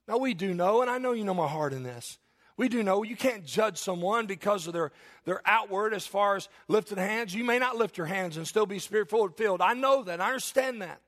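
A man from Kentucky, preaching an impassioned sermon. He builds to shouted emphasis and calls out for amens. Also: high-pitched, lively intonation, a little fast. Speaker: pastor.

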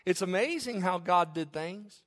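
In a high male voice at a measured pace, a pastor preaches passionately. His quiet asides give way to loud, mounting declarations, and he chuckles from time to time.

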